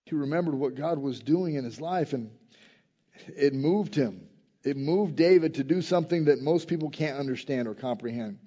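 Male preacher, fairly high and warm voice, quiet-to-emphatic sermon delivery, questions to the congregation, slightly muffled recording. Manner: swings between quiet reflective passages and loud emphatic rises; asks the listeners direct questions.

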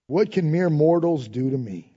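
A man preaching with a high, mellow voice, moving between emphatic repeated refrains and quiet prayerful lines. The sound rings with long reverb in a big hall and comes through dull and lo-fi. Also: lively intonation, moderate pace, slightly rough. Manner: informal phrasing, dropping to soft prayerful tones. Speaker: pastor. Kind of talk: sermon.

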